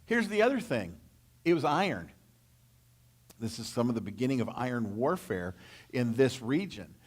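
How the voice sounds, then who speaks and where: A man's voice: mid-range voice, very animated, moderate pace, slightly rough. A man leading a casual verse-by-verse Bible teaching, telling it in a folksy, storytelling way with slang and asides.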